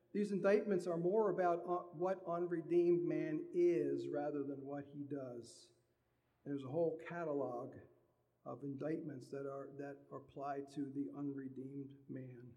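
A man's voice: a little high, mellow. A man preaching a sermon in a conversational way, acting out everyday dialogue. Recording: long hall reverb.

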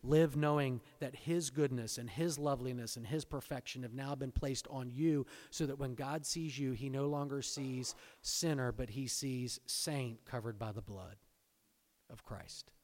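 A man preaching a sermon, swinging between hushed, intense lines and loud, exultant emphasis. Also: medium pitch, a little slow. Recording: long hall reverb.

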